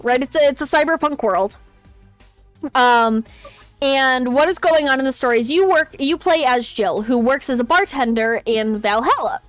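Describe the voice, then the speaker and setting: A woman's voice: high voice, clear, resonant tone, dry recording. Woman streamer, casual, rambling explainer, dry close sound. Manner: chatty, explains the story with fillers. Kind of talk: casual gameplay chat.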